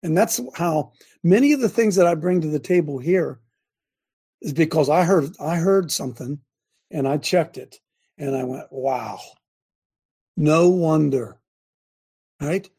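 A man's voice: fairly high pitch, expressive, normal speed, warm tone, breathy edge. An older man hosting a show, preaching in a fervent, rambling way full of restarts. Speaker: host and preacher. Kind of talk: preachy livestream talk.

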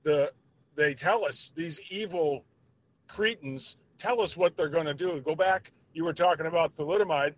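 A man's voice: on the high side, moderate pace, low-quality recording. A man calling in to a talk show, speaking indignantly. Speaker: caller.

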